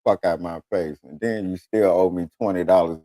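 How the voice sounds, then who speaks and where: A man with a low voice hosts a radio talk show at a moderate pace over heavy background noise. He tells profane, comedic stories with animated energy, often slipping into other people's voices.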